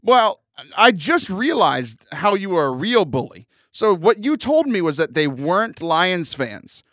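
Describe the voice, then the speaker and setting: A man's voice: high voice, sing-song, a little slow, fairly bright tone, no echo, clean studio sound. A man hosting a faith podcast in casual chat, teasing his guest and laughing often. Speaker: podcast host.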